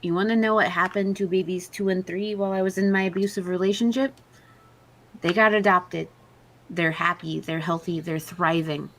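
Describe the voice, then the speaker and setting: A woman's voice: lowish voice, level tone, normal speed, a bit bright. A woman hosting a podcast, talking in an earnest, outspoken way. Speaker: podcast host. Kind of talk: casual chat.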